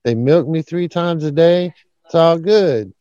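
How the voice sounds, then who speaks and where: A satisfied talking cow, done by a man telling a joke, speaking easily and contentedly. The tone is warm and dark, pitched a touch high, over faint background music. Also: measured pace, dry recording, dull audio, natural voice. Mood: content.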